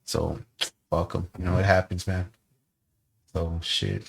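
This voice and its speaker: A man's voice: low voice, level tone, unhurried, vocal fry. A man in a casual podcast chat, talking tough and swearing bluntly.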